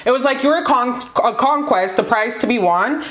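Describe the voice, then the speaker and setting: A woman's voice: a little high, lively intonation, brisk, fairly bright tone, roomy sound. A woman giving a casual pick-a-card tarot reading, gushing and profane.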